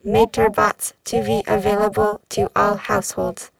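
A woman voicing a robotic news announcer in a story she reads aloud, flat and slowed. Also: mid-range voice, creaky, far from the mic, crowd noise, rough recording. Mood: announcing.

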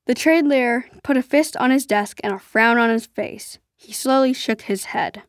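A woman narrating an adventure story aloud in a steady storytelling way. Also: fairly high pitch, moderate pace, no echo, studio quality. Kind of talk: storybook reading.

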